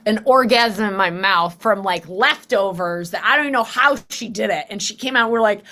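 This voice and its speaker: A woman's voice: mid-range voice, lively intonation, normal speed, hardly any pauses, fairly bright tone. A middle-aged woman hosting a podcast, talking casually and animatedly, acting out quoted voices. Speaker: podcast host. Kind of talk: casual conversational interview.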